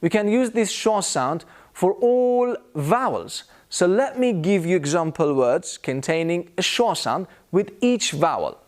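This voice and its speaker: British man, pronunciation teacher, slow and deliberate, lively rising and falling pitch, exaggerated example words. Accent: British English. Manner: slow, exaggerated demonstration of sounds with repeated examples. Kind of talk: scripted lesson.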